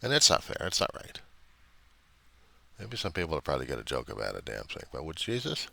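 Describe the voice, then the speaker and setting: A man's voice: a bass voice, huge pitch swings, fairly quick, gravelly, sharp tone. An older man, a reverend, ranting in a rambling, indignant way and swearing often. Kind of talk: casual rant on camera.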